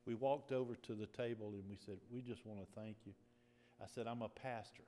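A man pastor telling a personal story in a sermon, moving from relaxed storytelling to emphatic preaching. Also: lowish voice, brisk. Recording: echoey hall with faint noise.

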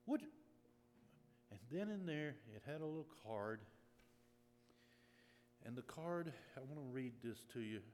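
A male pastor preaching a sermon, telling a story in a plain mid-pitched voice that climbs and presses when he drives a point home. His voice rings with a long reverb through a large hall, with a faint hum underneath. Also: lively intonation, normal speed, pauses often, darkish tone. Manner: storytelling, rising to emphatic preaching. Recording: echoey hall with faint noise.

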